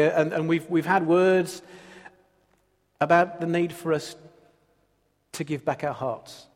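Earnest male preacher, slightly high voice, long church reverb. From Britain. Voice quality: earnest, builds through repeated phrases. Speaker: pastor. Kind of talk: sermon.

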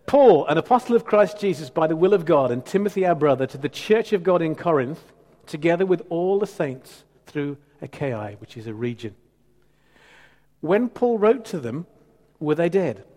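A male preacher delivers a sermon in a conversational, teasing style with emphatic turns. His voice sits fairly high for a man. The sound carries a long reverb from a church hall. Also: animated, normal speed, warm tone.

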